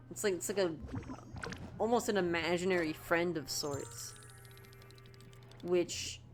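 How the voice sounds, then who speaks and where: A young woman streaming a game, gushing and stammering excitedly as she reacts to the story. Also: on the low side. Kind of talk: casual game stream commentary.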